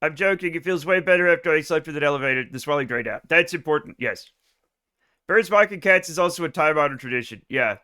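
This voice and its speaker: A man's voice: fairly high pitch, expressive, quick pace, pushed and bright, clear, resonant tone. An American man live streaming a game, chatting with his viewers in a rambling, profane and self-mocking way. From United States. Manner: rambling, profane and self-deprecating, with frequent restarts. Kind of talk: casual rambling chat with viewers.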